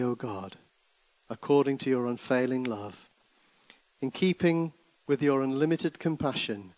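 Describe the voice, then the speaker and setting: A man preaching a sermon, speaking in a soft, reflective way. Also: medium pitch, dry recording, low-quality recording. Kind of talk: sermon with poem reading.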